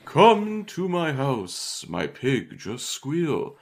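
A man putting on the voice of an old horror movie announcer, reading slowly and theatrically. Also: medium pitch, wildly swooping pitch, vocal fry, pitched above the performer's own voice, exaggerated voice. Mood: spooky, hammy.

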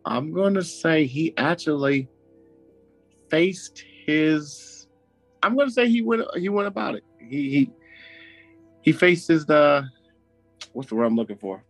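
A man's voice: a little high, sing-song, measured pace, long pauses, no echo, faint music behind, rough recording. A man co-hosting a podcast, reacting playfully and teasing the host as the story goes on. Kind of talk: casual chat, reacting and joking.

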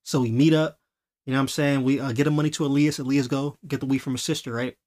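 A man hosting a podcast, telling a story in a casual, animated way. He laughs often and acts out the voices of the people he quotes. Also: medium pitch, quick pace. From Los Angeles. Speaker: podcast host.

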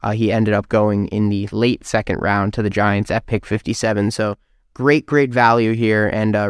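A man co-hosting a casual sports podcast, giving an upbeat, quick analytical rundown. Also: on the low side, level tone, clear, resonant tone, dry recording, studio quality. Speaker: podcast co-host.

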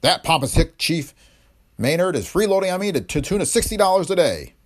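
A man doing an outraged, blustering hotel manager in an audiobook detective story. The voice jumps much higher and louder than the narration, swinging wildly as he sputters indignantly. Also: wildly swooping pitch, fairly quick.

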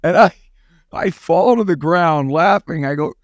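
A man co-hosting a casual chat, telling anecdotes in an animated storytelling manner. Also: a little high, measured pace, no echo, clean studio sound. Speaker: podcast co-host.

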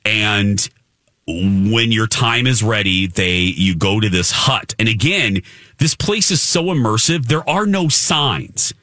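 A man telling an animated story on a talk show, excitable and acting out the voices of the people in it. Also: lowish voice, takes it slowly, no echo, studio quality. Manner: excitable, acts out voices in his stories.

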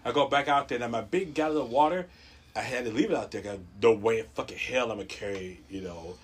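A man's voice: quick pace, husky. Profane man telling a wild story. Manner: profane, animated, acts out quotes in a high voice. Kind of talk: casual comedic storytelling.

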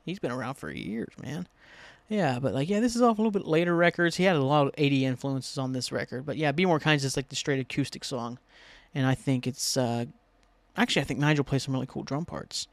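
A man's voice: mid-range voice, brisk, gravelly, no echo. A man hosting a solo podcast, rambling casually and ranting with lots of swearing. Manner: rambling and ranty, swears freely. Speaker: podcast host.

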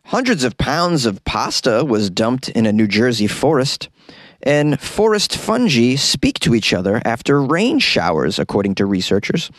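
A man's voice: mid-range voice, big pitch swings, normal speed, dry recording, clean studio sound. A man hosting a comedy news podcast, reading stories aloud and breaking off into sarcastic rants, recorded in a small closet.

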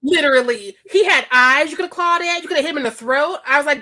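A woman in her thirties co-hosts a casual film podcast, her high, bright voice full of laughter. She swears freely and acts out what the characters said. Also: fast. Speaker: podcast co-host. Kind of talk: casual movie review chat.

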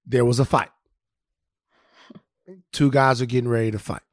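A man from Louisiana co-hosting a podcast and telling a story in casual, profane, animated chat with many restarts. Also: mid-range voice, normal speed, no echo, studio quality. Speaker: podcast co-host.

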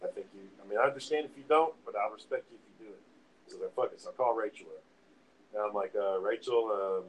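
A man's voice: on the low side, a little hiss or hum, low-quality recording. A man casually telling friends a wild party story, swearing freely and acting out what everyone said. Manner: profane, animated retelling with acted-out quotes.

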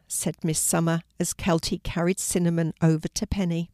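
An older woman gently reading a children's storybook aloud, her voice fairly low and clear. The sound is close and dry, with no room echo. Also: flat delivery, moderate pace.

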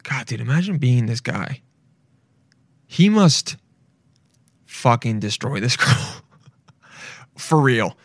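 A man's voice: medium pitch, unhurried, no echo. A young man giving crude, blunt, casual commentary as he reacts to videos, swearing freely.

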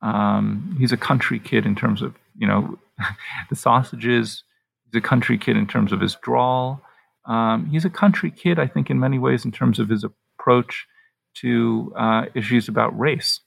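A man, an author, answering interview questions in a thoughtful, halting way, pausing and restarting as he thinks aloud. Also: medium pitch, creaky, slightly rough.

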